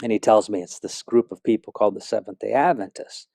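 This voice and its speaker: A man's voice: fairly low pitch, fast, gravelly, dark tone, no echo, studio quality. A middle-aged man telling his personal faith testimony in an earnest, rambling way, with many fillers and restarts. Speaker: speaker sharing a testimony.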